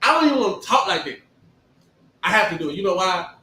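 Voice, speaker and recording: High-pitched guy preaching casual, lots of rhetorical questions, mic kinda far off. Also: brisk. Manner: animated, emphatic, rhetorical questions. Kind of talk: conversational sermon. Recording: echoey room, distant mic.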